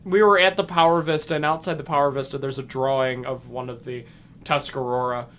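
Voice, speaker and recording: A man's voice: medium pitch, a little fast. A man co-hosting a podcast in casual chat, telling rambling anecdotes and acting out the people in them. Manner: rambling anecdotes with lively quoted voices. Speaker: podcast co-host.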